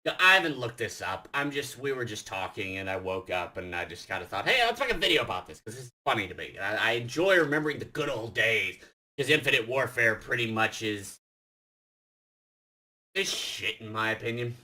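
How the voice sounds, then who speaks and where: A young man telling gaming stories in a rambling way, swearing often, correcting himself, and getting loud and laughing as he gets excited. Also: medium pitch, brisk. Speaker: gaming vlogger. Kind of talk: casual storytelling.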